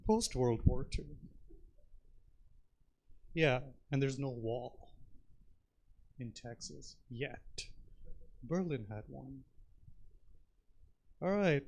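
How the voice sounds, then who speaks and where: A man's voice: mid-range voice, extremely slow, gravelly, pauses often, darkish tone. A man from India doing a stand-up comedy set on a theater stage, talking in a chatty, rambling way with plenty of fillers.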